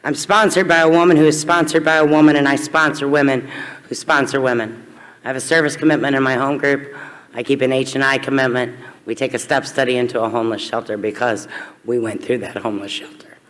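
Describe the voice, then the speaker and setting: A middle-aged Kentucky woman speaks at a recovery meeting, delivering frank personal testimony to a crowd. Her rumbling low voice carries blunt, self-mocking humor, and it echoes at length through the reverberant hall.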